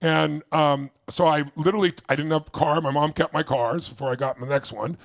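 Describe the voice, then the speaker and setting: A man's voice: fairly high pitch, fairly even intonation, fairly quick, creaky, no echo. A man from Southern California giving an intense motivational talk, telling his own story to a live crowd. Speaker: motivational speaker.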